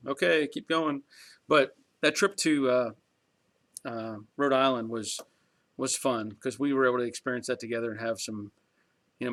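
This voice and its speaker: A man's voice: mid-range voice, fairly bright tone. A middle-aged man hosting a garage channel, chatting casually on a live stream and reading viewer comments in a talkative, rambling way with chuckles.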